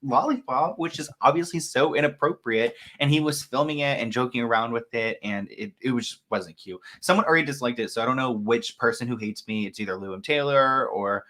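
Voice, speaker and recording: A man chats on a live stream in a loose, rambling way, full of fillers and shout-outs to viewers. His voice is bright and forceful, at an ordinary pitch. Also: fairly quick, few pauses. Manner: chatty, rambling with fillers, greets viewers by name. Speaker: host. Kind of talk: casual live-stream chat.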